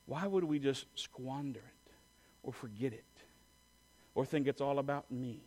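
A man's voice: mid-range voice, unhurried, darkish tone. A male pastor giving a sermon in a conversational way, with fillers and self-corrections, and leading the congregation in call-and-response.

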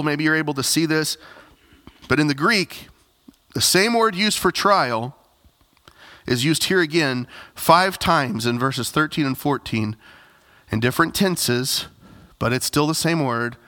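Bright-voiced preaching man, earnest and emphatic. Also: fairly high pitch. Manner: earnest preaching, rising to emphatic build-ups, addresses the congregation as "church". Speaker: pastor. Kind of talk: sermon.

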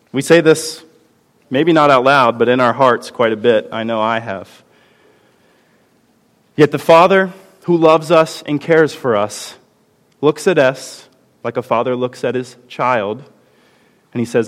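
A man's voice: medium pitch, measured pace, pauses often. A man preaching a sermon as pastor, earnest and building to impassioned emphasis. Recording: long hall reverb.

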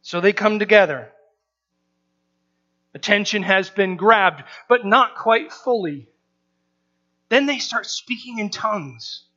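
A man preaching a sermon with a high, bright, forceful voice. He talks conversationally and acts out the crowd's reactions. The recording is a little dull and lo-fi. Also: lively intonation, slow, long pauses.

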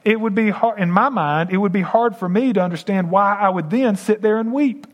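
Higher-voiced pastor preaching conversationally. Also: male voice, brisk, dull audio. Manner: conversational, addressing the congregation directly. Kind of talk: sermon with scripture reading.

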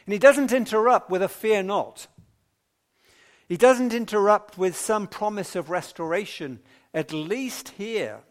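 A man preaching an evening sermon in a measured, emphatic way with long pauses. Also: sits high.

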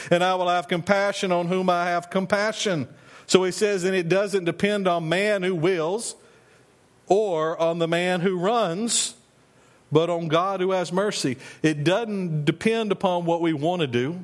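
Preaching in a voice that sits high, this male pastor reads scripture at a slow pace before unpacking it in a conversational manner.

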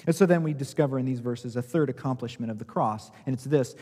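A man's voice: medium pitch, fast, dark tone, breathy edge. A man preaching a conversational expository sermon as pastor, explaining by analogy and swelling when he stresses a point. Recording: reverberant hall.

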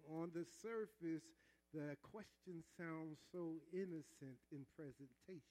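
A man preaching a sermon, calling on the congregation to repeat after him, moving between chatty asides and shouted peaks. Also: a little high, unhurried, poor audio. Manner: call-and-response preaching, calls on the congregation to repeat; swings between conversational asides and shouted climaxes. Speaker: pastor.

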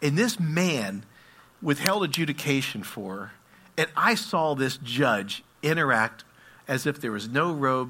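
A male pastor preaching a sermon, telling stories and acting out voices, swinging between loud and hushed. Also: on the high side. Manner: storytelling, animated, acts out voices, swings loud and soft.

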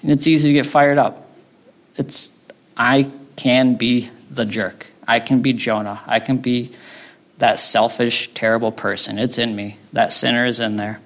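A man preaches in a relaxed, conversational way with a gravelly edge to his mid-range voice. He checks in with his listeners between points and talks things through plainly. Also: mid-range voice, unhurried. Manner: conversational, tags lines with "right?". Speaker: pastor. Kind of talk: sermon.

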